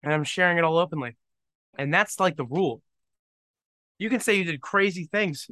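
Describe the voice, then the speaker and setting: Bright-voiced young man rambling jokingly. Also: fairly high pitch, fairly quick, no room sound. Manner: rambling, self-deprecating and joking. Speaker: podcast host. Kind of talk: casual solo podcast monologue.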